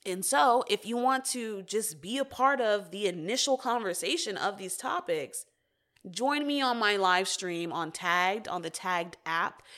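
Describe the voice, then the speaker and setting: A woman's voice: medium pitch, a bit bright. A young woman hosting her own podcast, talking candidly and casually, with frequent swearing. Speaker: podcast host. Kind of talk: casual solo podcast talk.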